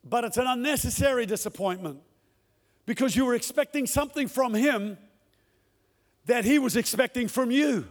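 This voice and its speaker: Male preacher, fervent sermon delivery, acts out quotes; very high-pitched, long hall reverb. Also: expressive, moderate pace, long pauses. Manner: impassioned, acts out the lines he quotes. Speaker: pastor. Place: church hall with a congregation.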